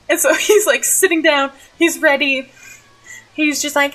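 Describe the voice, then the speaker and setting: A woman's voice: sits high, measured pace, a bit bright, faint music behind, low-quality recording. A young woman streamer telling a story in a casual vlog, bubbly and giggly, with many "like" fillers. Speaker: streamer recapping a role-play game.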